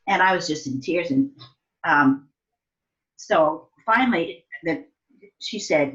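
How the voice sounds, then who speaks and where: A woman's voice: deep voice, measured pace. An older woman recalls her childhood in an easy, chatty interview. She livens her tellings by acting out her younger self and her mother. The recording sounds a little dull and muffled. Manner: animated storytelling, acts out her younger self. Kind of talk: telling family stories. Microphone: soft and distant at times.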